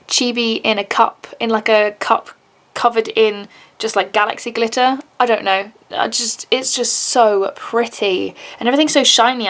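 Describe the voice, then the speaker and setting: A woman vlogging as she unboxes gifts, gushing and excitable. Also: fairly high pitch. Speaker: YouTuber. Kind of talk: unboxing vlog.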